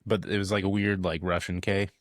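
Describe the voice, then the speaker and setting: Deadpan, low-voiced joking man. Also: fairly quick, no echo. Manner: deadpan, dry jokey quips. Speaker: podcast co-host. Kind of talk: casual chat.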